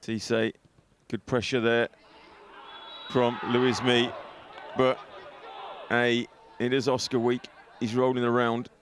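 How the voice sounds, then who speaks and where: A man's voice: medium pitch, flat delivery, slow pace, a little hiss or hum. A man giving live football commentary from an outdoor stadium on a headset mic, chatty and joking, often laughing. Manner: jokey, chatty, laughs often, self-mocking. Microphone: headset with earpiece.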